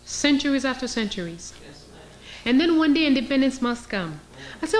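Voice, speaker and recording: Woman, high voice, very animated pitch, emphatic sarcastic lecture. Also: normal speed. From Haiti. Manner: emphatic, sarcastic, questions the audience. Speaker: historian and teacher. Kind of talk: lecture to an audience.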